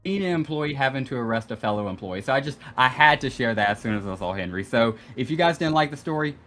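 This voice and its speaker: A young adult gaming stream guest with a slightly bright, mid-range voice tells an expressive, quick story in casual group voice chat. His rambling is thick with "like" and "you know," and faint music plays in the background.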